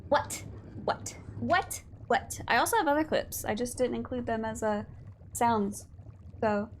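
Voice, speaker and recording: Young woman streamer, fairly high voice, teasing and playful, casual swearing, faint music underneath. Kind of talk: casual live-stream chat while gaming.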